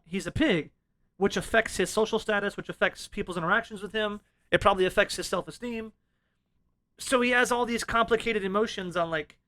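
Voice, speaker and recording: Bright-voiced laid-back podcast guy. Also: sits high. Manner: laid-back, profane, laughs often. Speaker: podcast co-host. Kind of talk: casual film discussion.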